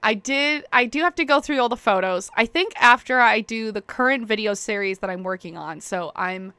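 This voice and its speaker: A woman with a bright, forceful voice chats loosely while she streams a game. She drifts from story to story, fills the gaps with little hesitations, and laughs at her own asides. The sound is close and dry, with no room around it. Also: fairly high pitch, moderate pace, clean tone, no room sound. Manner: rambling, jumps between stories, many fillers.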